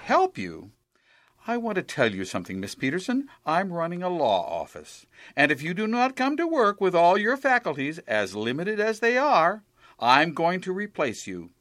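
A sarcastic, blustering lawyer boss. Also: male voice, high-pitched, wildly swooping pitch, normal speed, a bit bright, no room sound, heavily acted. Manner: sarcastic, exasperated. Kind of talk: 1950s radio sitcom acting.

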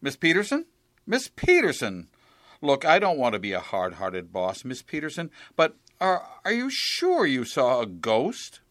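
A man's voice: medium pitch, wildly swooping pitch, a little slow, a bit bright, no room sound. A sarcastic, exasperated middle-aged lawyer. His voice swoops widely as he scolds, recorded dry and close in 1950s radio sitcom style. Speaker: boss.

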